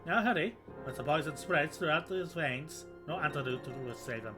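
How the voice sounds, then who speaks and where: A man's voice: a little high, expressive, normal speed, over music, lightly acted. A man reading game dialogue aloud as a fierce, bossy, theatrical middle-aged mother. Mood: instructive.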